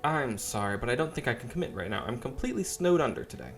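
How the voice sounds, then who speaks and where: A man commenting casually on a game he plays, wry and musing. His voice sits at an everyday middle pitch, and his thoughts often trail off. Faint game music plays in the background. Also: big pitch swings, fast talker, vocal fry, fairly bright tone. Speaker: let's play gamer.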